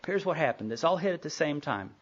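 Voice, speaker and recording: A man, speaking at a recovery meeting, telling his story in a quick, animated way full of asides. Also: a little high, slightly rough. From Sherman, Texas. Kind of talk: personal storytelling talk. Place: meeting hall. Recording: dull lo-fi tape recording.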